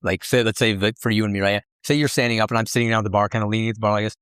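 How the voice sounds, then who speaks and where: A middle-aged man, a guest on a podcast, tells animated anecdotes about his sideshow life, often restarting his sentences. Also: lowish voice, rapid-fire, smooth, dry recording, studio quality. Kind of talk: casual interview storytelling.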